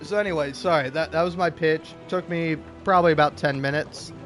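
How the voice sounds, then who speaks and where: Young male gaming host, high voice, rambling comedic commentary, faint music behind. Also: steady tone, a little fast, a bit bright. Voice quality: rambling, full of "like" and restarts.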